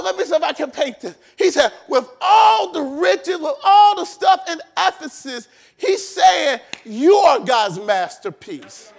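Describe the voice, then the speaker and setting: Shouting and emphatic, a male pastor delivers a sermon in church and repeats phrases to stress his points. His voice is very high-pitched and creaky.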